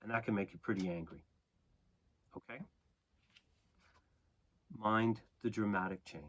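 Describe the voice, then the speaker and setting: A man's voice: fairly low pitch, unhurried, a bit bright, highs cut off, slight background noise. A man giving a casual, conversational tarot reading, often checking in with "okay?" and "right?" and laughing at himself. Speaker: tarot reader and astrologer.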